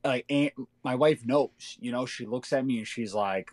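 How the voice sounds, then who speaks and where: A man co-hosting a casual podcast, ranting in animated, fast bursts. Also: medium pitch. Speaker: podcast co-host. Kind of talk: casual chat.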